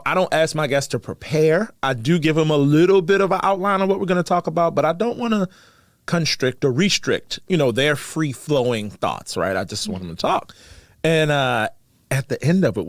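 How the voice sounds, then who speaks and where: A man's voice: fairly high pitch, fairly quick, dry recording. A man in his forties hosting a casual podcast in a small studio, rambling and laughing as he talks. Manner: lively, rambling, laughs often. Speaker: podcast host. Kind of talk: casual chat. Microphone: studio mic.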